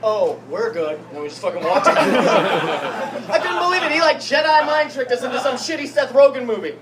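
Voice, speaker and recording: A man with a high voice performing stand-up in a club, cursing freely and rambling through his bits. He keeps laughing at his own jokes as the crowd roars behind him. The recording catches him from some distance. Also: animated, a little fast, very noisy. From Pacific Northwest. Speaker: stand-up comedian. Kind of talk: stand-up set. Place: comedy club stage.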